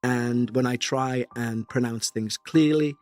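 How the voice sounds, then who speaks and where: A man with a Scouse accent, a podcast host reading out a listener's story and then commenting on it in an earnest, measured way, his throat still sore. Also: medium pitch, steady tone, a little mellow, dry recording.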